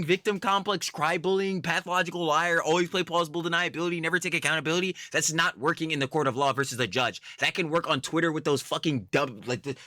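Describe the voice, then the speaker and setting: A man's voice: a little high, bright, forceful tone, dry recording, clean studio sound. A man doing casual reaction commentary, ranting in a profane, rambling, slangy way. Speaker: commentary YouTuber.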